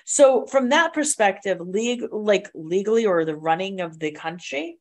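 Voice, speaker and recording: A woman co-hosting a casual chat, telling stories in a chatty, animated way. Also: mid-range voice, measured pace. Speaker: co-host.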